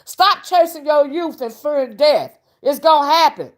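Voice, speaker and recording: A woman's voice: high voice, lively intonation, moderate pace. A woman hosting a casual live-stream commentary, sassy and mocking as she rants and greets her chat. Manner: greets chat viewers mid-rant. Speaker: online commentary host.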